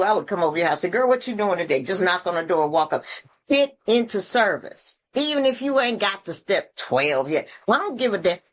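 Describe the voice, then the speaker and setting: A woman from Atlanta, speaking at a recovery meeting in a blunt, earthy, preachy way with folksy slang and swearing, heard over a video call. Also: mid-range voice.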